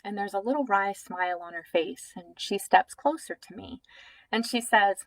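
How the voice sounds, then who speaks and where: A woman telling a true personal story in a vivid, expressive, descriptive way. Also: mid-range voice, moderate pace, no echo, low-quality recording.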